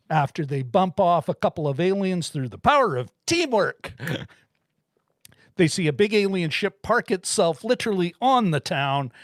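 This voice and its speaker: Chatty man with a fairly high voice. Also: no echo, studio quality. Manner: rambling, laughs often, many restarts. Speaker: podcast co-host reviewing a film. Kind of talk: casual chat.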